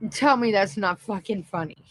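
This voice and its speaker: A woman's voice: mid-range voice, normal speed, fairly bright tone, low-quality recording. A woman hosting a casual livestream, laughing constantly between phrases and swearing casually. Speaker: livestream host.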